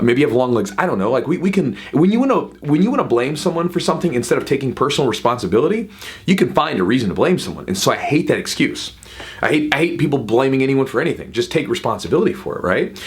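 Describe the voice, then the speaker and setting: Man, thirties, quick chatty delivery, middle pitch, coaching talk, lots of "right?" asides. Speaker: jiu-jitsu coach and channel host. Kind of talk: casual advice talk to camera.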